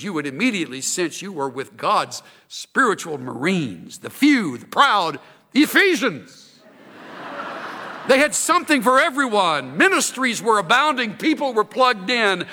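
A man preaching a sermon, emphatic and expressive, building to strong points. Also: high voice, long reverb tail.

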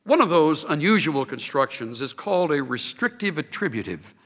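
A man preaching a sermon, emphatic and expressive, building to strong points. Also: on the high side, normal speed, big-room sound.

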